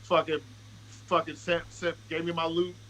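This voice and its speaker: Against crowd noise and poor recording quality, a male rapper appearing on a podcast animatedly tells a relaxed, profane story and voices other people's quotes. He talks at a normal speed in a slightly high voice.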